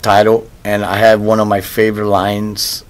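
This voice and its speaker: Man, lowish voice, casual interview talk, rambling, repeats himself. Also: completely flat delivery, normal speed. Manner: loose, rambling, repeats words while searching for them. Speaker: musician interviewed about his album.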